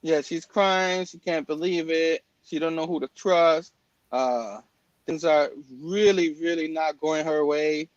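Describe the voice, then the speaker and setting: A man's voice: a little high, unhurried, dry recording, muffled recording. A man hosting a casual comic book talk show, rambling with lots of fillers and restarts. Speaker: podcast host. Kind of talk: casual chat.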